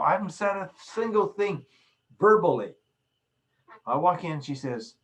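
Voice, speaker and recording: A man's voice: high-pitched, animated, unhurried, pauses often, fairly bright tone. A man lecturing in a recorded video session, emphatic, repeating his key phrases and acting out small examples. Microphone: video call.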